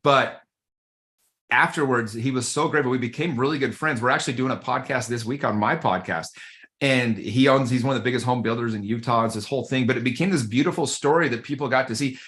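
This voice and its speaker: Male podcast guest and men's coach, mid-pitched, animated conversational storyteller. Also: fast talker. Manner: animated, conversational, addresses the host by name.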